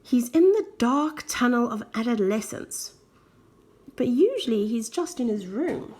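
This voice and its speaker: A patient, firm mother from a children's storybook, voiced by a woman reading aloud. She speaks in a measured, fairly high voice and lays down the rules calmly. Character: patient mother of a busy family.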